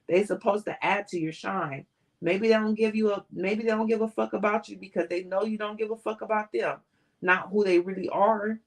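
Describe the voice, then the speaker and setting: A fed-up young singer who talks bluntly and stands her ground, voiced by a woman reading a novel aloud. Her pitch sits in a plain middle range. She challenges rather than backs down. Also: fairly even intonation, normal speed, close to an everyday voice, rough recording. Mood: challenging.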